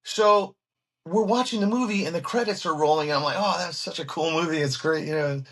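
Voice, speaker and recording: A husky man with a fairly high voice tells stories in an interview, jumping between his own words and quoted voices. He talks excitedly and restarts often, his energy rising as he goes. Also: fairly quick. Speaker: guest musician. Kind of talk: animated storytelling in an interview.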